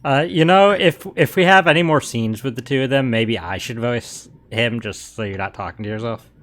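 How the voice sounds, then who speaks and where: A man joining a game stream as a guest, chatting casually in a dry, deadpan, halting way. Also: mid-range voice. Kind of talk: casual let's-play chat.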